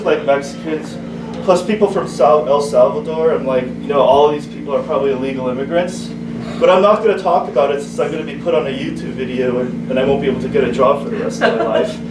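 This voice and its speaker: Man, stand-up comedian, halting delivery, higher voice, echoey club, distant mic, room noise. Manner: halting, stumbling delivery with many restarts. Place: small comedy club, indoors.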